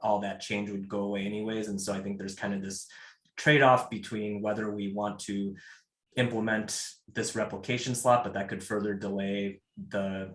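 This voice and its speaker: A man's voice: lowish voice, flat delivery, moderate pace. A man in a work meeting on a video call, laying out a trade-off in a tentative, hedging way. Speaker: meeting participant. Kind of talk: casual work meeting talk. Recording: roomy echo on a video call.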